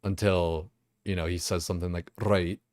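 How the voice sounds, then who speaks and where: A man's voice: sits low, a little slow, no room sound, clean studio sound. A young man streaming a game, chatting casually and rambling, swearing freely and leaning on lots of fillers.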